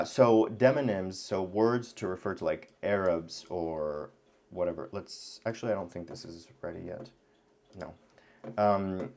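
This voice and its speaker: A man's voice: sits low, darkish tone. A man teaching a language lesson at his computer, talking casually and thinking aloud, with many fillers and restarts. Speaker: Arabic teacher.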